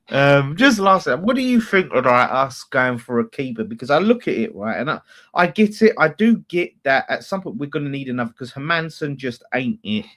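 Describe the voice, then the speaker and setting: Male fan co-host, middle pitch, blunt and sweary. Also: very animated, normal speed, fairly bright tone. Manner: blunt, opinionated, swears freely. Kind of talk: casual football chat.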